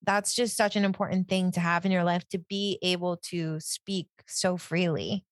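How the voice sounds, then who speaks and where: A woman's voice: lowish voice, steady tone, moderate pace, dry recording. A woman in casual chat, talkative and reflective.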